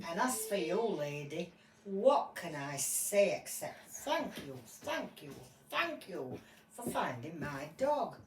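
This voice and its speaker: A woman's voice: on the low side, far from the mic, a little hiss or hum. A woman voicing an anxious, grateful man whose dog went missing, talking in a pleading, emotional way in a toy game. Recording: roomy and from off the mic, faint ambience.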